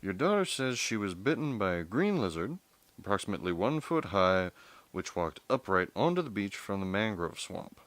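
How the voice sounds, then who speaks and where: A man voicing a soft-spoken male field biologist with a Southern US accent, explaining things in a reassuring, knowledgeable way. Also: lowish voice, sing-song, moderate pace, dry recording. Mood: assured.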